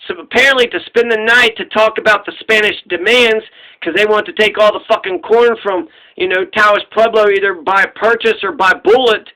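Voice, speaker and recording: A man's voice: sits high, sharp tone, low-quality recording. A man hosting a casual trivia talk, loose and profane, rambling with restarts. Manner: puts on gruff voices to act out quoted people. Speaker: trivia host.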